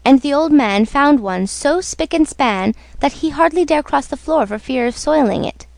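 A woman narrating a storybook on radio in a slow, measured way. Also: high voice, animated, vocal fry, a little mellow, no echo. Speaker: story reader.

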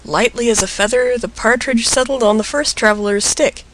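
A man narrating a storybook tale in an expressive, lilting way. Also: very high voice, normal speed, poor audio.

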